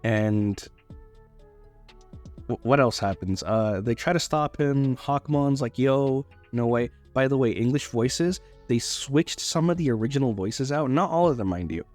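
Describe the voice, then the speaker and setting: A man's voice: mid-range voice, lively intonation, a little slow, a little mellow, faint music behind. A young man casually recapping a movie, rambling with loose, swearing talk and frequent restarts. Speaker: YouTuber reviewing a movie.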